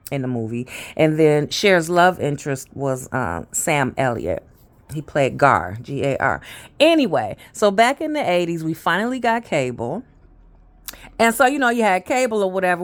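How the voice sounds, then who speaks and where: A woman in her fifties talking straight to her viewers in a loose, chatty storytelling way. Her voice sits low but swings widely in pitch. She wanders off track and lets sentences trail away with casual fillers. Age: 50s. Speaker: vlogger.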